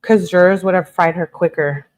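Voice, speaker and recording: A woman with a slightly low voice reads text messages aloud in a plain, even way. She keeps stopping to talk casually with her viewers about what she has just read. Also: normal speed. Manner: reads messages flatly, breaks off to chat with viewers. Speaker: true-crime streamer reading texts. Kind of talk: casual live-stream commentary and reading aloud.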